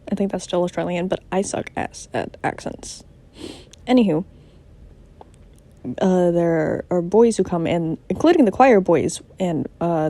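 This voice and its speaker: A woman's voice: lowish voice, mellow. A teenage girl casually summarizing a book, rambling and jokey, with many "like"s. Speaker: student doing a book summary. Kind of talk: casual chat.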